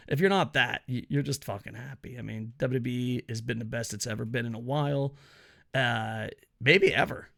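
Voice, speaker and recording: A man's voice: mid-range voice, normal speed, creaky, pushed and bright. A man giving casual, profane, sarcastic commentary on wrestling news.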